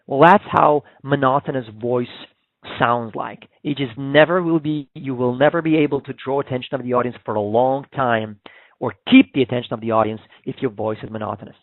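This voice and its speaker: A man's voice: mid-range voice, steady tone, a little fast, no room sound. A man giving a public speaking webinar, talking conversationally with many fillers and restarts. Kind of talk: webinar presentation. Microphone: webinar call microphone. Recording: dry, phone-like webinar audio.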